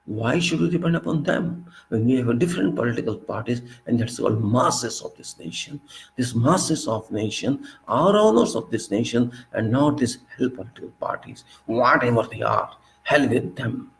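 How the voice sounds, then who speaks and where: A man's voice: mid-range voice, expressive, normal speed, gravelly, slight background noise, rough recording. A man from India delivering an impassioned, scolding monologue, full of repeated rhetorical questions. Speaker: political commentator.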